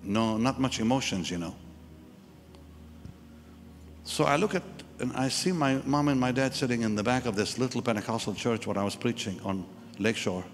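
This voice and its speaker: At a live church service, a man with a medium-pitched, expressive voice preaches at normal speed. He tells a personal story and acts out the voices of its characters. The recording is from a live church hall with reverb and music.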